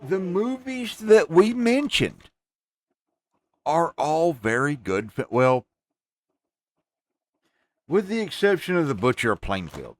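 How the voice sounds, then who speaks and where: A man's voice: a little high, sing-song, slow pace, long pauses, no echo. A man hosting a podcast, talking emphatically in a casual, ranting way and swearing freely as he speaks to his listeners. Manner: addresses listeners as folks. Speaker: podcast host. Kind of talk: casual chat.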